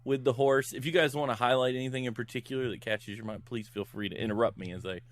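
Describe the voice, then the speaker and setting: A man guesting on a podcast retells a film plot in casual chat, acting out the characters' lines like an animated storyteller and laughing often. His mid-range voice moves at a quick pace, and the recording is dry.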